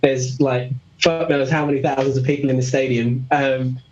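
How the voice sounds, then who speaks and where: A man's voice: mid-range voice, little pitch movement, normal speed, highs cut off. A young British man telling a story as an interview guest, rambling, laughing often and restarting his sentences. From Britain. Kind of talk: casual storytelling.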